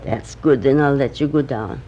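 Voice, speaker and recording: A woman's voice: rumbling low, moderate pace, mellow, highs cut off, slight background noise, voice pushed down. An older woman voicing a kindly, fatherly old man in the moon in a storybook tale, patient and reassuring.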